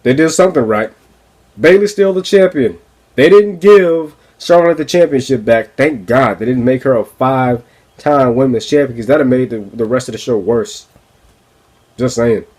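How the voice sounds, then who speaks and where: A man's voice: medium pitch, moderate pace, a little mellow. A man hosting a wrestling review podcast, ranting casually and profanely with frequent laughs. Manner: profane, exasperated, laughs often.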